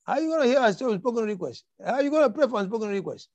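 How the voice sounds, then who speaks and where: High-voiced preaching man, emphatic. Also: lively intonation, quick pace, a little mellow, no room sound, lo-fi sound. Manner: emphatic preaching, repeats key lines, quotes scripture dramatically. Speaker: pastor. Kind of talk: sermon.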